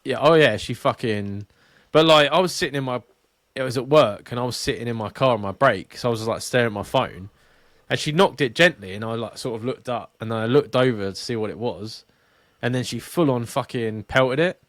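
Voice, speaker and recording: A man co-hosting a podcast, telling stories with lots of swearing and animation. His voice sits at an ordinary middle pitch. The sound is dry and close to the mic. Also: a little fast, no echo. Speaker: podcast co-host. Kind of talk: casual chat, storytelling.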